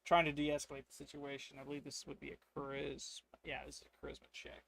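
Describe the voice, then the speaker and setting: Streamer, male, gravelly voice a bit high, rambling casual narration of a solo tabletop game. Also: completely flat delivery, quick pace, a bit bright. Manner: rambling, thinks aloud to chat.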